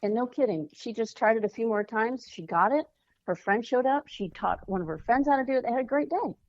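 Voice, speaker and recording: A woman, a children's author, speaking earnestly as a podcast guest and often pausing to find her words. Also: fairly high pitch, expressive, no room sound, dull audio. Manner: earnest, searching for words with fillers. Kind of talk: podcast interview.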